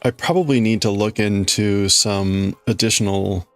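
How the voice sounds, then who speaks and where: A man's voice: lowish voice, moderate pace, faint music behind. A man hosting a livestream, chatting casually and rambling with his viewers, often restarting his sentences. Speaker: livestream host. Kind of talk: casual chat with live chat.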